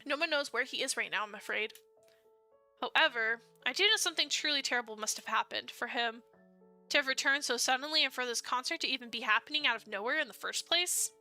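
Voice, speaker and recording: A woman's voice: high-pitched, fast talker, bright, forceful tone, faint music behind, full character voice. A woman voicing a composed, polite female friend in a dating game. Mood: calm. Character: poised, loyal female friend and helper.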